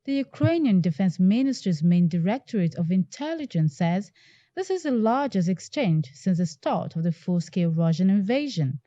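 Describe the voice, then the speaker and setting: A woman reporter reading a scripted news voice-over in a measured, formal way. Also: medium pitch, very animated, mellow, no room sound, lo-fi sound.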